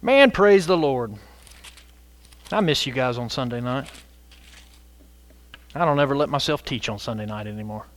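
A man preaching a sermon as pastor, animated and conversational, breaking into sudden shouts for emphasis. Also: medium pitch, normal speed, pauses often.

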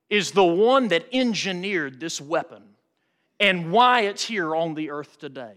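A man preaching a sermon to a congregation, driving his points with dramatic pauses and rising emphasis. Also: fairly high pitch, expressive, a bit bright. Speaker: pastor.

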